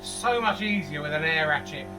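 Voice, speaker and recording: A man's voice: fairly high pitch, lively intonation, moderate pace, loud music behind the voice. A man in a casual DIY vlog, talking matter-of-factly and poking fun at his own struggles while stripping out the inside of a van. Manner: matter-of-fact, self-deprecating about struggles. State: out of breath. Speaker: van converter.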